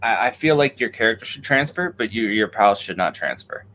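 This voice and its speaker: A man's voice: fairly low pitch, a little fast, low-quality recording. Man chatting, faint hiss behind. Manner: animated, acts out quoted exchanges. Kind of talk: casual podcast chat.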